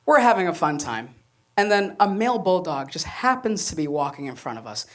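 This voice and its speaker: A man's voice: high-pitched, a little fast. A young man performing a stand-up comedy set, telling stories and acting out quoted voices. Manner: animated storytelling, acts out quoted voices. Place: comedy club stage with audience laughter.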